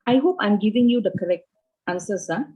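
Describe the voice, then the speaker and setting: Malaysian-accented woman in her 50s, husky, middle pitch, chatty teacher answering on a video call. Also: lively intonation, fairly quick, warm tone, rough recording. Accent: Malaysian English. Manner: repetitive, checks in with "okay". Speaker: English teacher. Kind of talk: casual interview answers.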